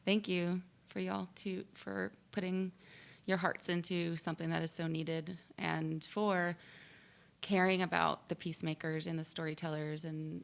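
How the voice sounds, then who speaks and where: An earnest woman guest with a lowish, gravelly voice and plenty of vocal fry. She talks into a studio mic in a rambling, heartfelt, casual way. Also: little pitch movement, a little slow. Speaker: guest, fitness trainer. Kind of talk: casual podcast chat. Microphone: studio microphone.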